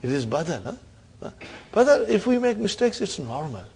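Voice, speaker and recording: A man leads an Arabic grammar class in a slightly high, gravelly voice. He drills the terms over and over and keeps checking with a quick "huh?". He encourages students who get answers wrong. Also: sing-song, a little mellow. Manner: quizzing students, repeating terms, frequent "huh?". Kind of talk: classroom lesson.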